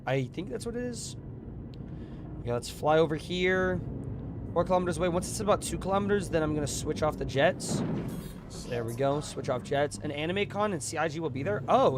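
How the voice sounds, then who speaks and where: A young man streaming a space game live, chatting casually with his viewers, his voice a bit strained from yelling, with bursts of excitement. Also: fairly high pitch. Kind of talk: casual live gameplay commentary.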